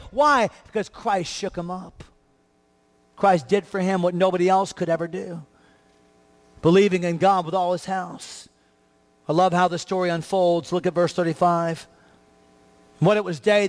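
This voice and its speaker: A man's voice: very high-pitched, fairly bright tone, in a large hall. A male pastor preaching a sermon with emphatic, repetitive rhetoric.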